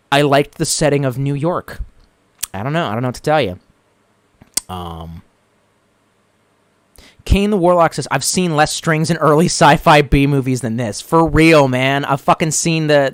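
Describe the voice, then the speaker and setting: A man chatting loosely on a live stream, swearing freely and wandering between chat comments and stories. His voice sits a bit high for a man, and the sound is close and dry, with no room around it. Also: no echo. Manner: profane, rambling, retells jokes with put-on voices. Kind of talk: casual chat.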